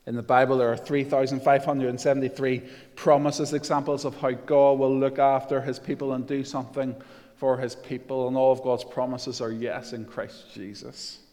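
A man preaching a sermon, reading scripture slowly and emphatically with a rising, earnest delivery. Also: mid-range voice, flat delivery, darkish tone, in a large hall.

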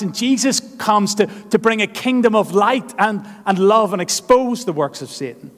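A man's voice: high-pitched, moderate pace, hardly any pauses. A man preaching a sermon as pastor, earnest and emphatic, leaning on repeated phrases. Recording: long hall reverb.

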